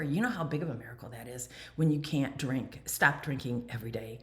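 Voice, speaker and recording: A woman candidly talking about her recovery in an animated personal monologue, sometimes dropping to a near whisper. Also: rumbling low, fairly quick. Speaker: recovery speaker and channel host.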